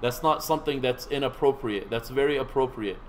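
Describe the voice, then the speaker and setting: A man's voice: mid-range voice, a little fast, slight background noise, poor audio. A man teaching a seminary class in a conversational lecture, quizzing his students and making joking asides.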